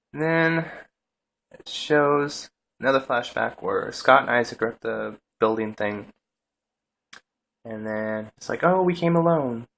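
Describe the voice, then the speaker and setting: A man's voice: mid-range voice, fairly even intonation, slow pace, vocal fry, long pauses, pushed and bright. A young man casually recapping a TV episode, rambling through scenes with lots of "he's like" retellings. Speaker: TV episode reviewer.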